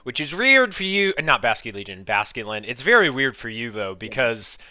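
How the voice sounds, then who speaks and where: A man running a tabletop game as game master, narrating in a lively way with lots of fillers. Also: mid-range voice, moderate pace, no room sound.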